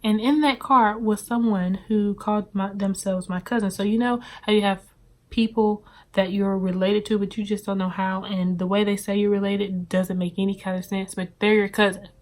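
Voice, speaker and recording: A young woman with a Southern US accent telling her personal testimony in an earnest, halting way, full of fillers and restarts. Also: mid-range voice, fairly even intonation. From Southern United States. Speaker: testimony speaker.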